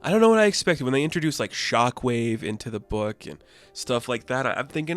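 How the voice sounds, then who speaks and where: A man's voice: medium pitch, animated, a little fast, fairly bright tone, soft background music. A man chatting casually through a comic book review, rambling and filling gaps with "like". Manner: rambling, many "like" fillers.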